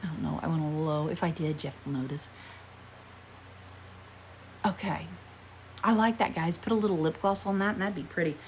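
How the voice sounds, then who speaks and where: A woman's voice: low-pitched, steady tone, a little fast, pauses often, a little mellow, a little hiss or hum. An American woman chatting casually in a haul vlog while trying on makeup, rambling and poking fun at herself. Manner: chatty, rambling, self-deprecating. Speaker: vlogger.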